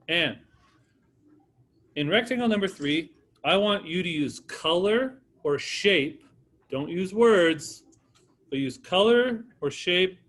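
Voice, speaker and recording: A man's voice: on the high side, a bit bright. A man teaching an art class in an informal, encouraging way, calling on students by name.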